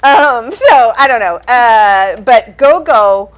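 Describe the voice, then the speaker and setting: A woman's voice: a little high, slow pace. A woman co-hosting a dog training podcast, telling stories in casual chat with emphatic repetitions. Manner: animated storytelling, emphatic repetitions.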